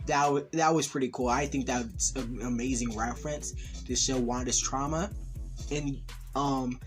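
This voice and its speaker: Rambling excited male TV reviewer. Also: mid-range voice, a little slow, faint music behind. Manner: rambling, heavy use of "like"; excited fan enthusiasm. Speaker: TV series reviewer. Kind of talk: casual episode recap and review.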